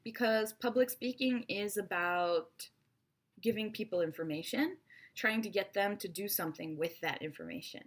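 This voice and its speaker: A woman teaches an online English lesson in an expressive, playful manner. Her voice sits at a middling pitch, and she speaks straight to her viewers as if they were her own students. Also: normal speed.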